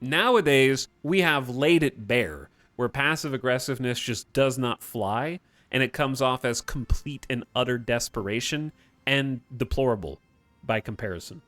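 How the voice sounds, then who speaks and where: A man's voice: medium pitch, moderate pace, no echo, faint music behind. Joking male streamer chatting casually. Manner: joking, animated, laughs often. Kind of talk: casual live-stream chat.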